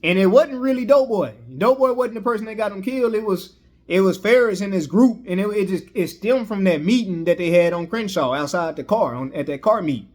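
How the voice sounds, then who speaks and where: A man's voice: high-pitched, brisk, darkish tone. Rambling man recapping a movie. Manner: rambling, frequent "you know" fillers and restarts. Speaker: movie reviewer.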